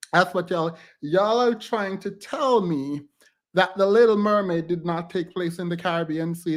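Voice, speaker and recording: Sassy, emphatic male commentator. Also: a little high. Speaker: commentary channel host. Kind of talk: reaction commentary.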